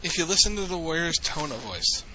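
Male podcast host, casual and chatty, bright edge, lo-fi sound. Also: fairly high pitch, animated, brisk, slight background noise. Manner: chatty, laughs often, restarts. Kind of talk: casual chat.

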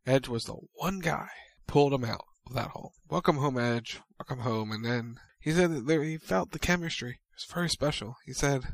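A man co-hosting a casual chat, recapping events in brisk storytelling and playing out quotes. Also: mid-range voice, creaky, dry recording. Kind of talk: casual recap of a wrestling show.

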